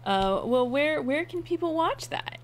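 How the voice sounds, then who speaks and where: A woman's voice: high voice, expressive, unhurried, slight background noise. A woman player in a tabletop game voice chat, laid-back, asking the others questions.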